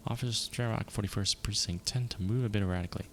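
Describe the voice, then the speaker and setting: A man's voice: fairly low pitch, very fast, fairly bright tone, slight background noise, lightly acted. A man reading a dry, formal police lieutenant.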